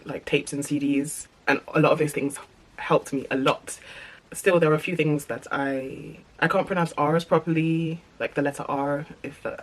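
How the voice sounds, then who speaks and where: Woman vlogger, crisp British received pronunciation, chatty but halting, trips over words and restarts. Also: extremely low pitch, low-quality recording. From English Midlands. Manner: frequent ums, restarts and light stutters. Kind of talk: casual talk to camera.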